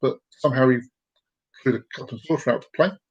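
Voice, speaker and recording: A man hosting a comedic live show, telling a long joke in a playful, drawn-out, sing-song way. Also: medium pitch, slightly rough, lo-fi sound. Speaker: show host.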